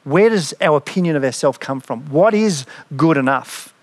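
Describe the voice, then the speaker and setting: A man's voice: a little high, animated, moderate pace, dry recording. A man, a pastor, preaching a sermon in an earnest, reflective way and reading scripture dramatically.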